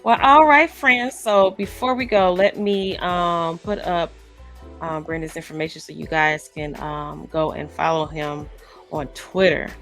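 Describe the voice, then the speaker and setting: A woman's voice: low voice, steady tone, unhurried, a bit bright. Giggly, encouraging woman host, casual podcast chat, faint music behind. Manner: giggly, encouraging, frequent agreeing.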